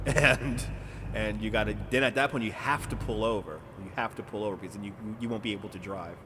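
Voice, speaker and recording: A man's voice: fairly low pitch, fairly even intonation, brisk. A man live streaming a game, chatting casually with viewers, giggling often and rambling through restarts. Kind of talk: casual gameplay chat. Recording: noisy background.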